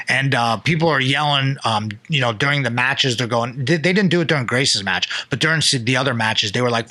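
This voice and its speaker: Young male podcast host, bright tone, dry sound, loose and excitable storyteller who drops in quick impressions. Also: mid-range voice, no echo. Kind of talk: casual storytelling chat.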